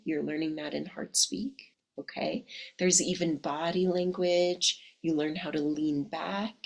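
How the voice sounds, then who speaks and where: Slightly hoarse lady podcaster, takes her time, calls everyone darling. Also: fairly low pitch. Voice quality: husky. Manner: chatty, calls listeners "my darlings" and "ladies". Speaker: dating coach. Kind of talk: casual podcast monologue. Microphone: podcast microphone.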